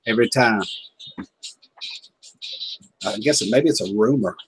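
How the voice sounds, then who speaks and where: A man's voice: lowish voice, a little slow, husky, rough recording. A man from Kentucky, hosting a casual livestream chat and telling folksy stories. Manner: folksy storyteller, chuckling often. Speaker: livestream host.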